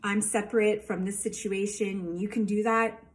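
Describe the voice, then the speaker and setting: A woman's voice: mid-range voice, steady tone, normal speed. A woman giving a casual tarot reading, emphatic and rambling, with lots of fillers. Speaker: tarot reader.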